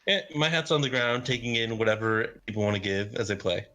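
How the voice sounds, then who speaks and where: A man playing a tabletop game, casual and joking, quick to argue over the rules. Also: lowish voice, lively intonation, pushed and bright. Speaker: player.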